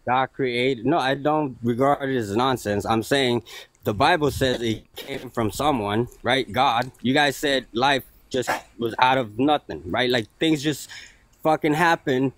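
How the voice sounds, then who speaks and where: A man's voice: medium pitch, a little slow, fairly bright tone, a little hiss or hum. A man in a heated debate, defensive and swearing often as he talks over the other speaker. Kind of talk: heated argument.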